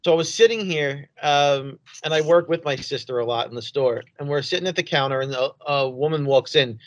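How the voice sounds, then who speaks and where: A man's voice: a little high, brisk, no echo. A man co-hosting a podcast, telling a casual anecdote with easy laughs. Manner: easygoing anecdote teller, laughs at his own stories. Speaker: podcast co-host.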